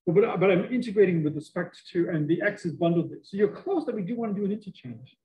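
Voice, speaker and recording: A masked, middle-aged math professor speaks fast in a high voice with a Boston accent, his words muffled as he jokes animatedly with students during a university lecture. Slight background noise is present.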